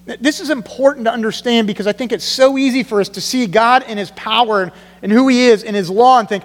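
A man preaches a sermon to his congregation in a high, bright voice. He keeps it animated, slipping into the voices of the people he quotes. The sound rings with the long reverb of a big church hall. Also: moderate pace. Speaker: pastor.

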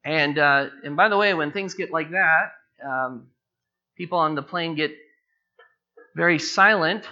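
A male preacher with a bright, forceful voice delivers an expository sermon. He repeats key phrases, drags words out slowly and lifts his pitch when he presses a point. The recording sounds a little dull and lo-fi. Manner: repeats phrases, slows down and rises in pitch for emphasis.

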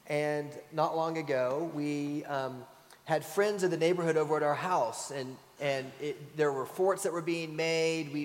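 A middle-aged male pastor preaching a sermon in a church sanctuary, telling stories earnestly and reading scripture with emphasis. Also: fairly high pitch. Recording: long church reverb.

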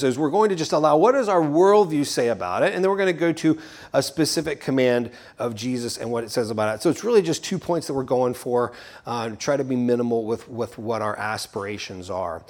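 A man preaching a sermon to a congregation, animated, acting out quoted speakers as he teaches. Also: mid-range voice, fast.

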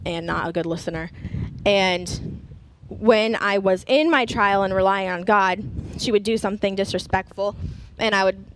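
A woman's voice: mid-range voice, normal speed, fairly bright tone, a little hiss or hum. A young woman giving an earnest sermon, sharing personal stories and reading scripture aloud. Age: young adult.

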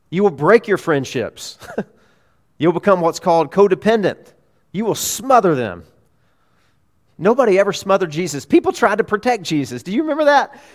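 A pastor preaches in church in a high voice, hammering home key phrases through repetition. He is emphatic, swinging between loud urgency and hushed tones.

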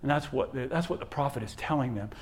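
A male pastor preaching a sermon, swinging from hushed, drawn-out words to loud emphatic lines, often repeating and restarting phrases. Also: mid-range voice, husky.

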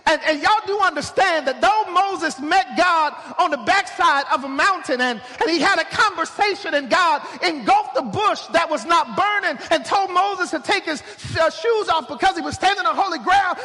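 A man preaching a sermon, building to shouted emphasis with repeated refrains. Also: extremely high pitch, animated, normal speed, few pauses. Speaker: pastor. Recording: long hall reverb.

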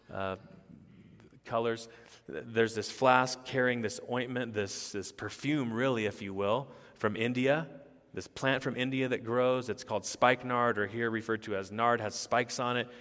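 A man's voice: mid-range voice, a bit bright. A man in his thirties, a pastor preaching an expository sermon in an earnest, conversational way that rises into emphatic bursts. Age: 30s. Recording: long hall reverb.

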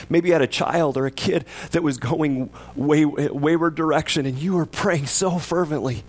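A man's voice: a little high, steady tone, fairly quick, hardly any pauses. A man preaching a sermon as pastor, conversational, often asking his listeners questions and acting out the psalmist's words with rising intensity. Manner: conversational, asks the congregation questions.

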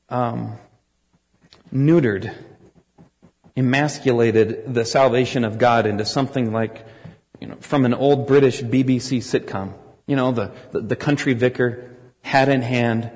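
An American man preaching a sermon, earnest and rising to forceful emphasis. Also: medium pitch, a little slow, pauses often, long reverb tail, rough recording. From United States.

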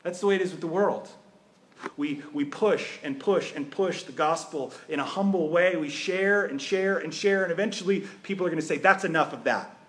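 Higher-voiced man preaching conversationally. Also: normal speed. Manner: conversational, asks rhetorical questions. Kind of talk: sermon.

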